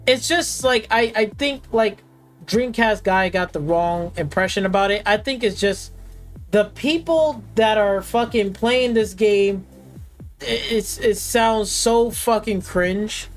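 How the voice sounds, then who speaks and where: A man's voice: high voice, takes it slowly, faint music behind. A man hosting a gaming stream, ranting in an exasperated, mocking way and swearing constantly. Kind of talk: profane casual rant.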